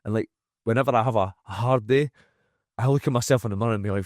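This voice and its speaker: Speaking fast in a mid-range, slightly mellow voice, a man from Scotland with a Scottish accent appears as a gym-owner guest on a candid podcast. He's emphatic and frank, swearing freely and playing out what people say. The recording is a dry, close-miked studio one.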